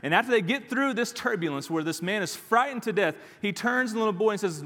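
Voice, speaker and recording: A man's voice: high-pitched, expressive, quick pace, fairly bright tone. Emphatic preaching man in echoing hall. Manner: emphatic, repeats key phrases, frequent "all right". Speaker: pastor. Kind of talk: sermon.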